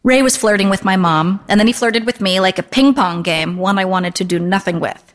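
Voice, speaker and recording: Deadpan woman reading a story, echoing. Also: medium pitch, a little fast. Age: 30s. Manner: dry, deadpan, understated. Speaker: narrator.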